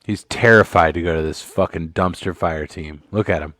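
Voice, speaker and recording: A man's voice: low voice, normal speed, fairly bright tone, no room sound, clean studio sound. A man hosting a casual live sports commentary stream, joking and swearing as he rambles, a bit tipsy from drinks. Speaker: livestream host.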